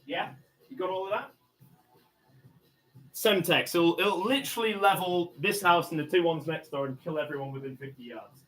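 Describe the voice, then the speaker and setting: Man, fairly high pitched, aggressive and foul-mouthed, mutters then shouts demands. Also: moderate pace, faint music behind. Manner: swings between low muttering and angry shouting. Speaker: livestreamer in a police standoff. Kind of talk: livestreamed confrontation. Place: inside a house.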